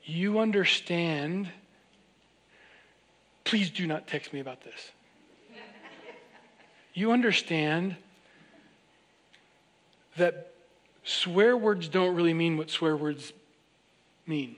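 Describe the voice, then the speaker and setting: Male pastor, high-pitched voice, animated conversational sermon with frequent direct appeals to the congregation. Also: extremely slow, long pauses. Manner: acts out quoted voices of others.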